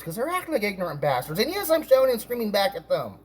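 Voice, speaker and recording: A man telling a story in an angry rant, stammering and repeating himself, now and then bursting into shouts. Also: sits high, huge pitch swings, fast talker, hardly any pauses, husky. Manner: many restarts and stammered repeats. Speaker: vlogger.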